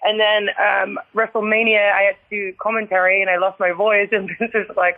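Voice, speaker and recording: An English woman, a retired wrestler, telling stories in a casual interview, chatty, full of "like" fillers and quick laughs. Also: medium pitch, flat delivery, no room sound. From England. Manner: chatty storyteller with constant "like" fillers and frequent laughs. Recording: tinny phone-like line, dry.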